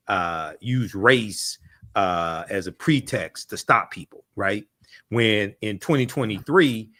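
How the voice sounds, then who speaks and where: A man speaking as a panelist in political commentary, forceful and building his argument with many filler pauses. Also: on the low side.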